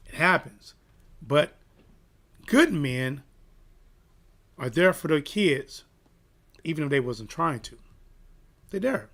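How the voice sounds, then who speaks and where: A man with a high, bright voice that swings widely as he tells a personal story on his boxing channel. He talks in an emphatic, animated way and keeps checking in with the listener. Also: slow pace, pauses often. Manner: animated, emphatic retelling with repeated "right?". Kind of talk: casual storytelling rant.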